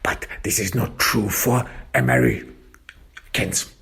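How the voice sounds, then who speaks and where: A man narrating a first-person detective story, slow, halting and reflective. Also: fairly low pitch, very animated, vocal fry, fairly bright tone, husky.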